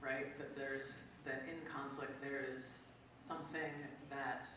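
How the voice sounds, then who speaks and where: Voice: mid-range voice, level tone, distant mic, noisy background. Conversational moderator in an echoey hall. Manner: conversational, fills pauses with "like" and restarts. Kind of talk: live onstage conversation. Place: large echoing hall at a live event. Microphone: distant from the microphone.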